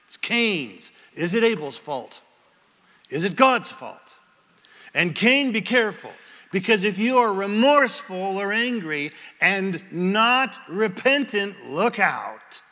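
A man preaching a sermon as pastor, with an animated, dramatic delivery and many questions put to the congregation. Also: sits high, in a large hall. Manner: asks the congregation rhetorical questions.

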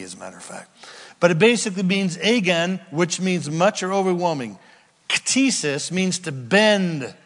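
A man preaching a sermon as a pastor, stressing key words with drawn-out emphasis. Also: fairly high pitch, a bit bright. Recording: long reverb of a large hall.

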